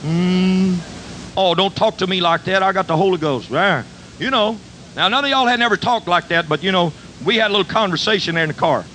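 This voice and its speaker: An older man preaches in a drawl, his voice sitting a touch high as he spins a folksy, animated tale. A faint hiss and low rumble run under the recording. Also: fast, poor audio. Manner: folksy, animated storytelling with dialect. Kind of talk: storytelling sermon.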